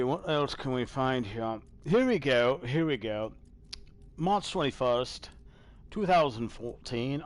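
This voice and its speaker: A man hosting a live stream, rambling casually through old news and swinging between loud exclamations and low mumbling, with casual swearing. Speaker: host.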